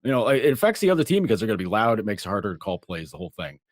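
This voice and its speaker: A man talking sports as a podcast guest, animated, often restarting and acting out what others said. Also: fairly low pitch, racing, no room sound, studio quality. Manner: animated, acts out quotes, many restarts. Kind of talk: casual sports chat.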